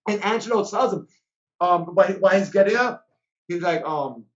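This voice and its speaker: Animated storytelling man, muffled sound. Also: high-pitched, brisk. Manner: animated, acts out other people's lines. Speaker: guest comedian. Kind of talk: storytelling in casual chat.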